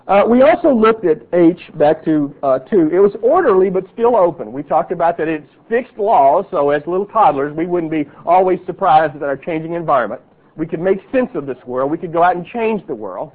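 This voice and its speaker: A middle-aged man teaches a Bible class in an earnest lecture voice that sits a little high for a man. He lingers on each item as he reads a list aloud. The recording is thin and tinny, like it came through a phone line. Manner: earnest, reads lists slowly and deliberately.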